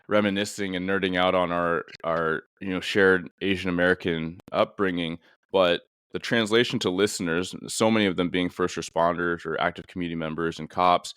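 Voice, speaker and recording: Low, smooth-voiced man hosting a talk. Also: fairly bright tone, dry recording, clean studio sound. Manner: thoughtful, rambling with many fillers. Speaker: podcast host and police officer. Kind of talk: casual interview conversation.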